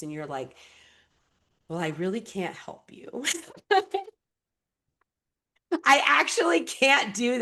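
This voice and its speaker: A woman in her thirties, a relationship coach and podcast host, talking bluntly and with plenty of swearing as she tells animated stories about her clients. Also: fairly low pitch. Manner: blunt, profane, animated storytelling. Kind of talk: candid podcast conversation.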